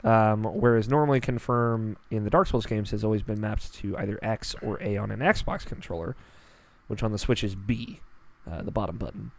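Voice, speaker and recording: Gravelly-voiced man hosting a podcast. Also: lowish voice, moderate pace. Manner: relaxed, rambling, swears casually. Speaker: podcast host. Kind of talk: casual gaming podcast chat.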